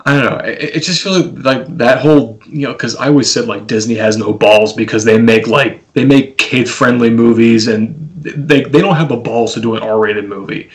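A man's voice: medium pitch, moderate pace, few pauses, poor audio. A man hosting a casual film podcast over a video call, rambling, laughing often and acting out what people say. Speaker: podcast host.

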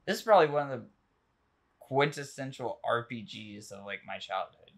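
A man hosting a casual podcast chat, rambling with lots of ums and likes as he gets excited about new releases. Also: mid-range voice, moderate pace. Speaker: podcast host.

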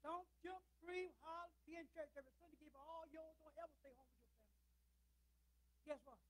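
High-voiced older preacher. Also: male voice, steady tone, fairly quick, poor audio. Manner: emphatic preaching with rhetorical questions and call-outs to the congregation; swings between loud declarations and low, quiet asides. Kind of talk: sermon.

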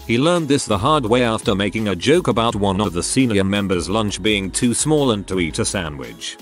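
A low-voiced man reads stories aloud in a scripted narration, his pitch rising and falling with a lively swing. He drops in dry remarks between the tales. Soft music plays underneath. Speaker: narrator reading internet stories.

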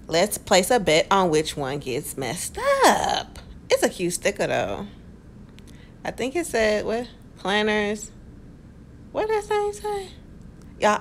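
A woman's voice: medium pitch, a bit bright, a little hiss or hum. Chatty, playful woman vlogger. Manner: chatty and playful, addresses viewers as y'all; rambling, self-amused asides. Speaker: planner vlogger. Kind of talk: casual voice-over commentary.

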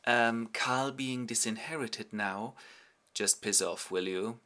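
A man's voice: medium pitch, slow, bright, forceful tone. A man voicing a jealous, scheming young nobleman who is sly and bossy. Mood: curt.

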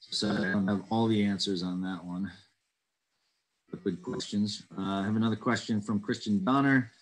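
A man's voice: fairly low pitch, steady tone, moderate pace, poor audio. A man chairing an online town committee meeting, reading out residents' questions and answering them carefully with many ums and uhs. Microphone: video call.

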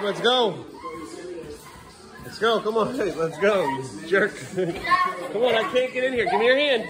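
A man filming a casual family vlog at home, coaxing and joking with his children as he hurries them through bath time. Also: high voice. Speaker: father filming his kids.

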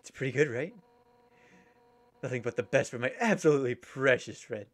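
A man's voice: medium pitch, a little fast, close to an everyday voice. A man voicing a brash fish warrior woman. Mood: gruff hosting. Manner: loud, boastful, blunt. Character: brash fierce female fish warrior captain. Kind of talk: reading game dialogue aloud.

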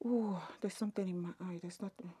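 A woman's voice: lowish voice, fairly even intonation, fast, warm tone, breathy edge. A woman, chatting casually and muttering to herself as she does her makeup in a get-ready-with-me beauty vlog at home. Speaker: beauty vlogger.

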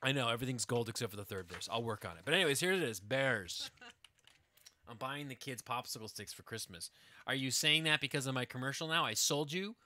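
A man's voice: mid-range voice, animated, fairly quick, sharp tone. A man hosting a casual gaming livestream, rambling through a goofy story with laughs. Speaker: livestream host. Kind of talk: casual gaming stream chat.

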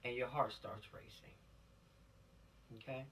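Animated woman police officer lecturing teens. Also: a bass voice, measured pace, slight background noise. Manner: dramatic, animated storytelling with rhetorical questions. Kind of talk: law lesson for teenagers. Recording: voice from a distance.

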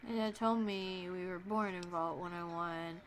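A woman's voice: fairly low pitch, fairly even intonation, normal speed, a little hiss or hum. Playful woman gamer commenting. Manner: playful, sarcastic, reads dialogue options aloud. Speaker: let's play gamer. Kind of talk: casual gameplay commentary.

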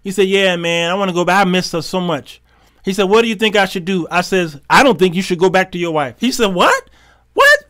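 A man with a high, bright, ringing voice tells stories in a preaching style, with in his speech. He acts out every character in the dialogue, bursts into laughter, and swings from soft asides to loud punch lines. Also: quick pace. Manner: animated, laughing, acting out dialogue. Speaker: talk show host.

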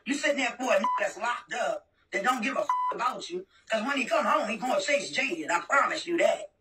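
A woman's voice: on the high side, lively intonation, brisk, distant mic, noisy background. A woman in a heated, profane rant scolding her sister, repeating herself and swearing. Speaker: sister ranting online. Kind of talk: angry recorded rant.

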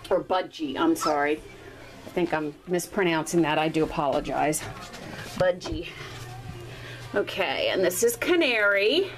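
A woman breeder talking casually while filming her puppies one-handed indoors, now and then cooing at them in a high baby-talk voice. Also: lively intonation, a little slow, pauses often, faint music behind, low-quality recording. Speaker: dog breeder. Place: indoors at a puppy litter area. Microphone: handheld camera, filming one-handed.

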